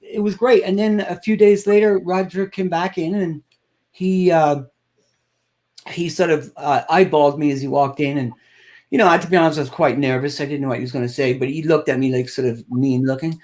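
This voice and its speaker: A man's voice: a little high, fairly quick. A middle-aged man from Ireland, a guest singer telling a story in an interview and acting out the people he quotes. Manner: animated storyteller, acts out quoted voices.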